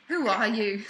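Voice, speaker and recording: A woman's voice: mid-range voice, fairly bright tone, slight background noise, rough recording. A woman leading a spiritual call-in talk, playful and direct, laughing often. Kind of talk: casual spiritual dialogue.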